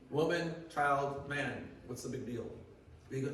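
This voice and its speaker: Heard from far off in an echoey church hall, a pastor with a medium-pitched voice and fairly even intonation delivers a sermon a little slowly, with long pauses and slight background noise. He keeps it conversational, posing questions to the congregation.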